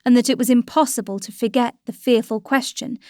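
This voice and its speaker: A woman narrating a classic novel as an audiobook, in a measured, even storytelling manner. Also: fairly high pitch, dry recording, clean studio sound.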